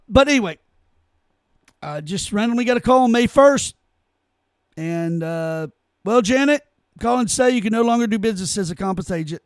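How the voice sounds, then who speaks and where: A man's voice: high voice, creaky, no room sound. A man hosting his own podcast, ranting in an indignant, emphatic way and repeating phrases for effect. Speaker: podcast host. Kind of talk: opinionated solo podcast rant.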